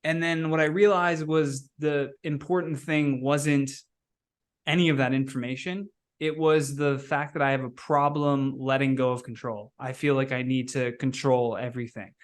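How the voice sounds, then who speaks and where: A male podcast host telling stories in a casual, animated way, with many "like" fillers. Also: medium pitch, moderate pace. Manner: animated storyteller, heavy use of "like". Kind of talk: casual conversational interview.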